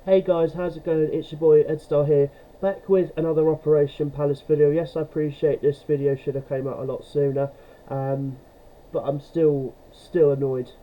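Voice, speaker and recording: A man's voice: fairly high pitch, fairly even intonation, moderate pace. Brief: young man, football fan vlogger, furious sweary rant, dull lo-fi sound. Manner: swears a lot, ranting. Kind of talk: angry fan rant to camera.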